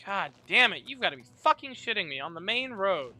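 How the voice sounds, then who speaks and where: A man's voice: sits high, very animated, quick pace, bright, forceful tone, slight background noise. A man streaming a fantasy game, chatting casually and swearing hard at enemies. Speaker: gaming streamer. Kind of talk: live gameplay commentary. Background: game music.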